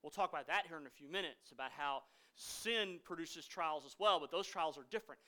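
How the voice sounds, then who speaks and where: Man, 30s, pastor preaching a dynamic sermon; bright, forceful tone with loud peaks and quiet drops. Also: a little high, brisk. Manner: dynamic preaching, swinging from loud emphasis to hushed asides.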